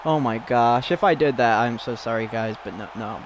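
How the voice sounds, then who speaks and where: A man casually commentating a fighting game, excitable and giggly, rambling between calls. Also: medium pitch, normal speed, crowd noise, background noise.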